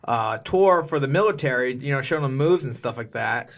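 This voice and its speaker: A man's voice: medium pitch, animated, fairly quick, a bit bright. A man hosting a podcast, interviewing a guest in a playful, joking way. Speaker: podcast host.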